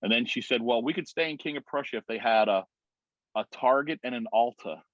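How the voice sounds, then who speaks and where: A man on a video call, telling a story in a rambling, animated way full of "like"s. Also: mid-range voice, brisk, dry recording. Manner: rambling, animated retelling with many "like"s. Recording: muffled video-call audio.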